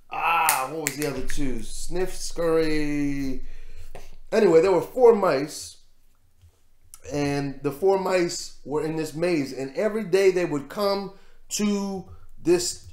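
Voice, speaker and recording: Animated man rambling in an echoey room. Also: on the high side. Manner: animated, rambling, repeats words. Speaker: vlog host. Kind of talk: casual commentary on news.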